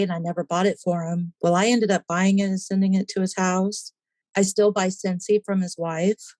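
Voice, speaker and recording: A woman's voice: lowish voice, darkish tone, no echo. A woman, a podcast guest, telling her personal story in a casual interview and animatedly acting out the voices in it.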